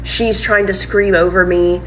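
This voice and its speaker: A woman retells a personal story in a loose, casual monologue. She is animated and fills her talk with "like" and "um". Her voice sits mid-range, with a faint hum of ambience behind her. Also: medium pitch, a little slow, poor audio. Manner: animated retelling, heavy use of "like" and "um". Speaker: storyteller recounting her breakup.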